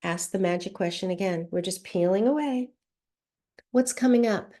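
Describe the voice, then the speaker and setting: Expressive middle-aged woman teaching tapping. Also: mid-range voice, moderate pace. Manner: expressive, acts out emotions while teaching. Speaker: tapping coach. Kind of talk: instructional demonstration.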